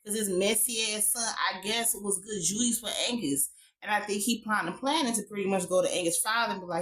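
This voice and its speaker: A woman recapping a TV episode in a blunt, profane, animated casual style with lots of asides. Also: medium pitch, brisk, rough recording. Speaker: TV show reviewer.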